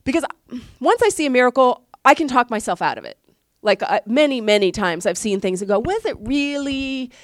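A woman giving a personal testimony at a church service, a chatty and animated storyteller who laughs often and fills her speech with restarts. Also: medium pitch, brisk, dry recording, studio quality. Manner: chatty, many fillers and restarts. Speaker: church speaker sharing a testimony.

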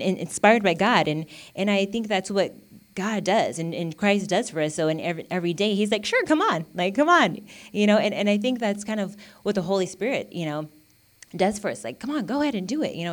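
A woman giving a casual, earnest Bible teaching, talking conversationally with lots of "you know" and "like". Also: on the low side. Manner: earnest and encouraging.

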